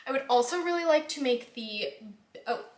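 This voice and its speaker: A young woman hosts her knitting vlog in a loose, chatty way, trailing off and circling back with plenty of likes and ums. Her voice sits a little high, and the room around her rings with a noticeable echo. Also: lively intonation, moderate pace. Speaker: knitting podcast host. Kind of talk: casual chat. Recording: echoey room.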